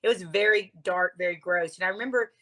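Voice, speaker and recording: A woman guest in an interview, telling a personal story in a heartfelt, animated way, at times close to tears. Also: on the low side, fast.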